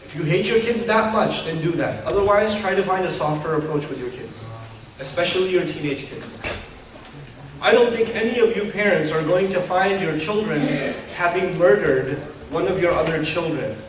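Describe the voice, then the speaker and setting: High-voiced male lecturer in an echoey hall. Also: moderate pace, a crowd in the background. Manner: animated and humorous, rhetorical questions. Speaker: Islamic lecturer. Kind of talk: lecture to an audience. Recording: echoey hall, distant mic.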